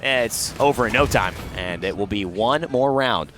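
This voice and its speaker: A man calling a live esports match as play-by-play caster, with energetic delivery. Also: lowish voice, moderate pace, music in the background.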